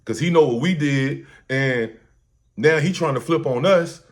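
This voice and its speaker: A man's voice: a little high, unhurried. A man hosting a casual reaction commentary, talking loosely in slang and profanity with many restarts and repeated words. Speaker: host.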